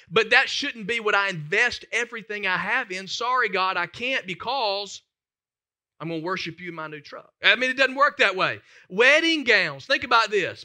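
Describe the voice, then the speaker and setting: A man's voice: high voice, pushed and bright. A man preaching a sermon as pastor, emphatic and conversational, putting questions to the congregation.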